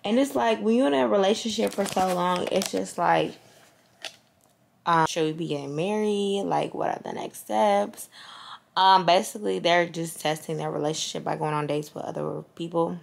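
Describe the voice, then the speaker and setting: A woman's voice: lowish voice, moderate pace, creaky, echoey room. A young woman vlogging in casual, slangy chat, rambling with fillers and asides to her viewers. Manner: chatty and slangy, trailing off with fillers. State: tired and low-energy at first.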